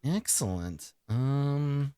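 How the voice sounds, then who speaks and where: A man running a tabletop game as game master, chatty and quick with laughing asides. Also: medium pitch, lively intonation, dark tone, clear, resonant tone, dry recording, clean studio sound.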